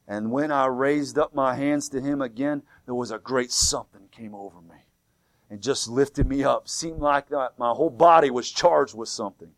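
A man preaching a sermon, fervent and swinging from loud to hushed. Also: mid-range voice, moderate pace, dry recording. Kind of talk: sermon retelling a vision.

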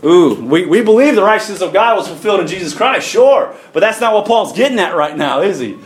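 A man preaching a church sermon, calling out to the congregation and reading scripture slowly. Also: high-pitched, animated, echoey room, a little hiss or hum. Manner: calls for congregation responses, reads scripture slowly.

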